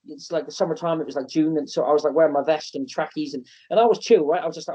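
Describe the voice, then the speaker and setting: A man in his thirties tells his stories casually, acting out quoted lines with a jump in pitch. His voice is dark and mellow. The podcast audio sounds dull and lo-fi. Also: quick pace. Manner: animated storyteller, acts out quotes in a raised voice. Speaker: wrestling promoter and guest. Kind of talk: casual interview storytelling.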